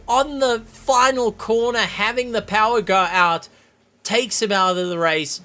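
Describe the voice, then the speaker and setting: A sim racing commentator calling a race live from the commentary box, fast and excitable. The voice is bright and forward, and it runs out of breath when the action peaks. Afterward it turns to easy chat with the drivers. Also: medium pitch.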